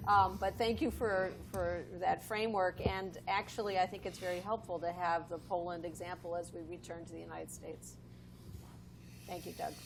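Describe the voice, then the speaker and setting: A woman's voice: fairly low pitch, little pitch movement, moderate pace. A woman moderating a panel discussion, making light, brief remarks as she hands over to the next speaker. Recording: audience noise in the background.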